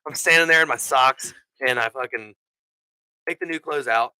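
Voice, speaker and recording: A man hosts a casual podcast, telling crude stories with lively energy and plenty of swearing. His voice sounds bright and forward. The sound is close and dry. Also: medium pitch, normal speed, clean tone, no room sound, rough recording. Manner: crude, animated storyteller who swears a lot. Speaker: podcast host. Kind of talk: casual storytelling chat.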